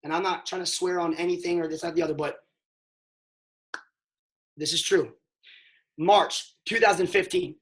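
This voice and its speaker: An excitable man speaking as a network marketing mentor on a motivational call. His voice sits a little high for a man. He swings between hushed asides and loud, emphatic bursts, and keeps throwing in "bro". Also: moderate pace, pauses often.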